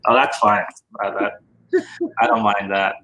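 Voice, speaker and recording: A man's voice: on the low side, level tone, measured pace, pushed and bright, slight background noise, poor audio. A man in casual chat on a video call, telling stories about his kids in a chatty way. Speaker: podcast guest.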